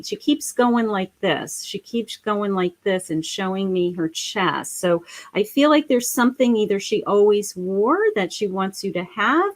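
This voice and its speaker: A middle-aged woman giving a live psychic reading, speaking gently and emotionally with many pauses and fillers. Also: mid-range voice. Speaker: psychic medium.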